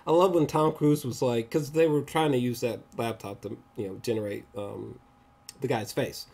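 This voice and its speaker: A man giving a casual, rambling movie review, excitable and slangy, often laughing. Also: medium pitch, moderate pace, gravelly.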